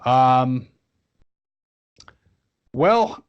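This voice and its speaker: A man's voice: medium pitch, measured pace, lo-fi sound. A man chatting casually as a guest on a podcast, rambling with many fillers and restarts. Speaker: guest toy reviewer.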